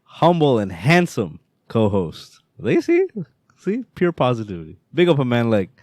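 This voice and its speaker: A man hosting a podcast in casual banter, energetic and playful, teasing his co-host and laughing often. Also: medium pitch, moderate pace, dry recording, clean studio sound.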